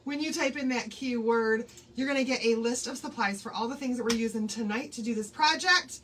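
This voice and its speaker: A woman's voice: fairly high pitch, brisk, fairly bright tone, recorded from a distance, slight background noise, poor audio. A woman hosting a live craft tutorial, chatty and bubbly, greeting viewers by name and laughing often. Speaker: craft livestream host.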